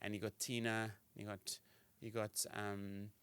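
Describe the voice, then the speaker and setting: A man co-hosting a comedy podcast, joking and animated in loose banter. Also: lowish voice, unhurried, clean tone. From South Africa. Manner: animated, joking, slips into silly voices. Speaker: podcast co-host.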